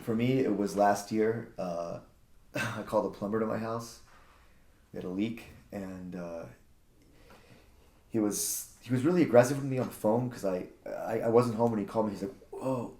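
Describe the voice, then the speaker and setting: A man casually telling a personal story, animated and acting out what people said, often repeating words. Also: fairly low pitch, normal speed, echoey room. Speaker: guest, jiu-jitsu practitioner.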